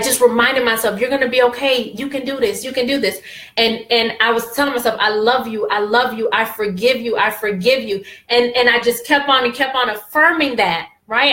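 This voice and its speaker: A woman's voice: sits high, pushed and bright, reverberant. A woman in her thirties, a life coach giving an emphatic motivational talk with preacher-like repetition, speaking straight to listeners.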